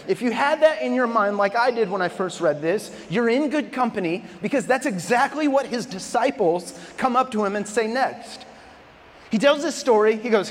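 A man preaching a sermon as pastor, animated and acting out the people in his story. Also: sits high, fairly quick, in a large hall. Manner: animated, acts out voices of disciples and Jesus.

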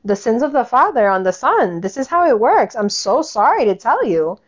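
A woman's voice: a little high, big pitch swings, moderate pace, muffled recording. A woman giving a casual commentary rant, blunt, sarcastic and full of swearing.

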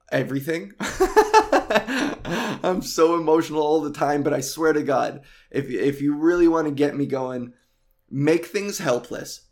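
Exasperated, profane male podcast rant. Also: medium pitch. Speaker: podcast host. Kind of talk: casual ranting monologue.

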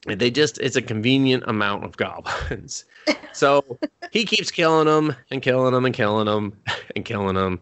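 A young man casually recapping an anime film, rambling and profane, and acting out characters in quick asides. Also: medium pitch, animated, a bit bright. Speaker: podcast co-host.

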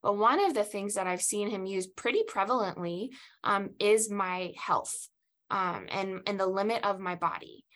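A woman who grew up in Southeast Asia, telling a personal faith story as a podcast guest in an earnest, reflective way with halting restarts. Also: medium pitch, fairly bright tone.

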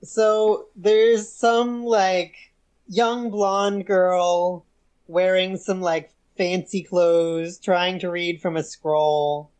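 A young woman co-hosting a podcast, recapping a TV episode in casual chat, relaxed and amused with frequent giggles. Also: fairly low pitch, very slow, clean tone. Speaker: podcast co-host.

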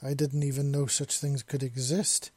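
Shy, stammering young man with a soft, warm, slightly husky voice for a male reader. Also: medium pitch, flat delivery, normal speed, no echo, natural voice. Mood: shy pleading.

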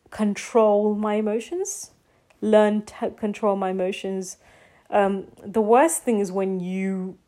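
A woman's voice: medium pitch, a little mellow. A young woman vlogging in a casual, confessional monologue, rambling and full of fillers like "like" and "you know.".

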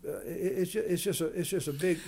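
A man's voice: high voice, quick pace, warm tone. A man speaking as a business leader in an interview, emphatic, often repeating and restarting his words. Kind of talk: conversational interview.

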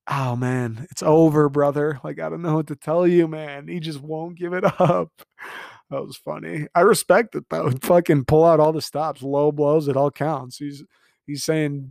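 A man's voice: on the high side, fairly even intonation, moderate pace, creaky, a little mellow, no room sound, clean studio sound. Sarcastic, foul-mouthed young man ranting. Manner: profane, sarcastic, mocking impressions of contestants. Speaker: podcast host. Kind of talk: casual reality TV recap.

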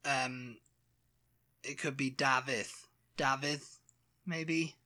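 A man's voice: medium pitch, very slow. A man co-hosting a podcast, chatting casually and rambling a little. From Britain. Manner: relaxed, rambling, drops into mimicked voices. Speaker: podcast co-host. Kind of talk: casual chat.

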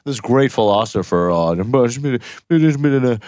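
A man's voice: mid-range voice, lively intonation, a little slow, darkish tone, no echo. A man in his thirties in crude casual banter, joking and defending himself. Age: 30s.

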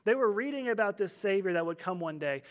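A man's voice: high voice, lively intonation, fast. A man preaching a sermon as pastor, in a conversational, storytelling way with humor.

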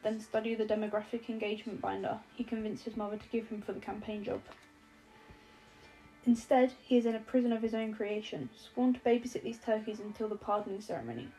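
A woman's voice: medium pitch, dark tone, low-quality recording. A woman narrating an audiobook with a wry, lightly comic delivery. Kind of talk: scripted narration.

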